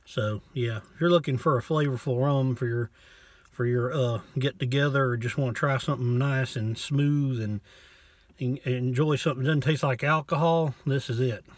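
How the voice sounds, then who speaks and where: A man casually reviewing a bottle of rum from inside his parked truck, talking in a folksy, low-key way and cussing now and then. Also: normal speed, no room sound. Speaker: vlogger reviewing liquor.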